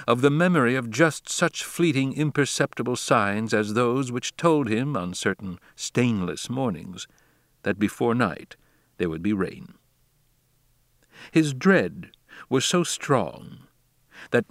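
A man narrating a classic novel as an audiobook, in a measured, deliberate reading style. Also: lowish voice, fairly bright tone, dry recording, clean studio sound.

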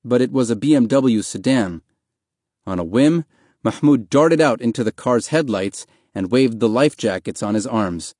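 A man narrating an audiobook in a calm, even, measured reading voice. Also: mid-range voice, no room sound, clean studio sound.

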